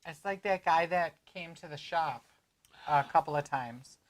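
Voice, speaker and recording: A man's voice: on the high side, measured pace. A man co-hosting a casual livestream chat, telling stories and acting out the voices of people in them. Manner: storytelling, acts out quoted voices. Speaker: co-host.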